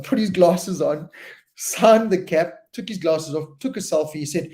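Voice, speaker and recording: A man hosts a casual live-stream chat, telling a story in a loose, animated way and often repeating words. His voice is on the high side, and he speaks a little slowly.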